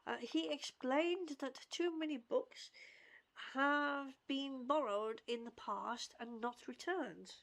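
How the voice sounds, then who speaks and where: A woman's voice: high voice, slow, creaky, a bit bright, full character voice. A woman reading aloud the lines of a kind, bookish princess in a plain voice. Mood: earnest.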